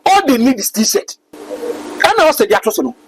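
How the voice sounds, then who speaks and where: A man's voice: extremely high pitch, very animated, unhurried, creaky, a little hiss or hum, poor audio. A Ghanaian man giving emphatic, preachy political commentary as a talk-show guest, switching between English and Twi.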